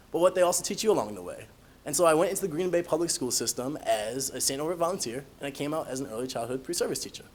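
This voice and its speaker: A young adult college student with a slightly high voice tells humorous personal stories in an animated, self-mocking way.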